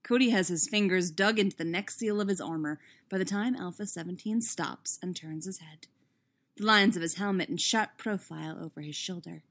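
A woman reading fan fiction aloud in a steady, expressive narration. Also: fairly low pitch, normal speed. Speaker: audiobook reader.

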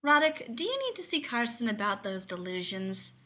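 A woman's voice: fairly high pitch, very animated, moderate pace, sharp tone, exaggerated voice. Woman doing a lofty, spluttering male scientist. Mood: indignant. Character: indignant, sharp-tongued male scientist.

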